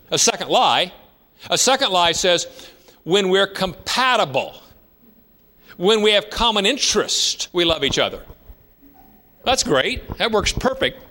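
A man's voice: sits high, sharp tone. A man in his fifties preaching a sermon, telling stories in a conversational way with emphatic rises. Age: 50s. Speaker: pastor.

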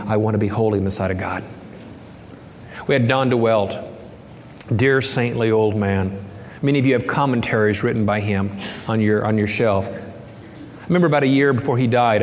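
A man's voice: on the low side, a little hiss or hum. A middle-aged man preaching a sermon as pastor, earnest and building to impassioned, raised passages. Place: church sanctuary. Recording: reverberant hall, faint ambience.

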